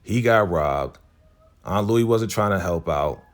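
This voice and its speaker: Deep-voiced man casually recapping a show. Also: expressive, measured pace. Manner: laid-back slangy retelling, acting out characters' lines.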